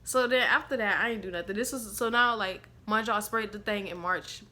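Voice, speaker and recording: A woman's voice: mid-range voice, brisk, sharp tone. A woman casually telling a rambling, slangy story to her viewers, laughing along as she goes. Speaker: storytime vlogger.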